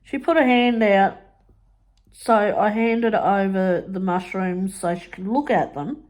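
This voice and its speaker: A middle-aged woman chatting casually about her crafts, telling stories and acting out what others said in higher voices, laughing often. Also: measured pace, darkish tone. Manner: chatty storytelling, acts out quotes in high voices, laughs often. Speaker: crafting vlogger. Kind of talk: casual chat while crafting.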